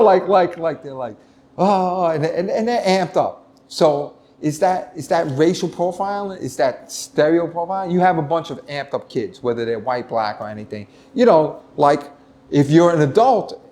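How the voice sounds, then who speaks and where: A middle-aged man, a retired police lieutenant telling stories in an interview, animated and full of restarts. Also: a little high. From United States. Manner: animated storytelling, many restarts, acts out quoted voices. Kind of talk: casual interview talk.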